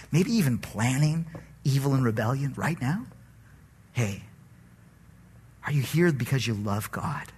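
A male pastor delivers a sermon in a conversational, animated way. His voice is high and raspy and swings widely in pitch as he preaches.

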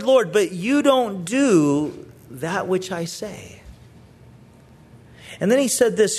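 A man preaching a sermon, earnest and pleading, often repeating words as he presses his point. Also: high-pitched. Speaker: pastor.

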